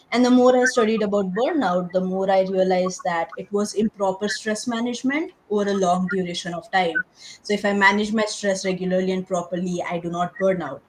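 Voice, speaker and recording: A woman's voice: medium pitch, slight background noise, low-quality recording. A woman guest speaker, a stress coach, answering interview questions in an earnest, reflective storytelling way.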